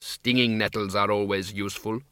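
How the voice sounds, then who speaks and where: A man's voice: lowish voice, fairly even intonation, normal speed, sharp tone, smooth, no echo, clean studio sound. A man doing an earnest dwarf gardener.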